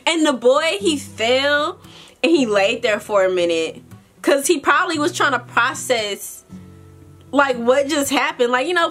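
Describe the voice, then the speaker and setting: High-voiced young woman telling a story. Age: young adult. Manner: animated, chatty, addresses viewers directly. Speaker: vlogger. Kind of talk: casual storytime.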